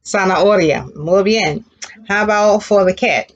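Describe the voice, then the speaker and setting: A woman's voice: mid-range voice, unhurried, highs cut off. A woman teaching a children's Spanish class, patiently modeling words for the class to repeat and praising them. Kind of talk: elementary Spanish lesson.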